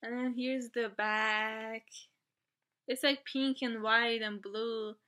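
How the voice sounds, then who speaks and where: A woman vlogging an album unboxing, gasping and gushing with excitement as she talks her way through it. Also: a little high, slow pace, slight background noise. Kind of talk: casual unboxing chat.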